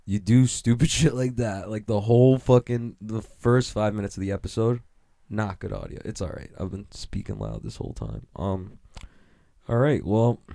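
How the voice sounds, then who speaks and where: Low, mellow-voiced man rambling profanely. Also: creaky. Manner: profane, rambling, self-mocking. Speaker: podcast host. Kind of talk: rambling casual monologue. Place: his messy bedroom. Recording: poor audio.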